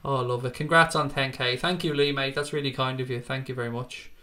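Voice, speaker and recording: A man in the middle of his usual voice range hosts a relaxed football live stream from home. He chats loosely and swears often as he reads and answers viewer comments. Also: mid-range voice, quick pace. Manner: chatty, swears freely, laughs off comments. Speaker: football channel host reading viewer comments. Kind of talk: casual live-stream chat.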